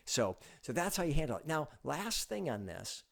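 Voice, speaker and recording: Animated man coaching on sales meetings. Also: a little high, normal speed, vocal fry. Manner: animated, acts out meeting lines with sudden loud bursts; conversational, coaching in second person. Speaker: sales coach and show host. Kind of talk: direct-to-camera advice talk.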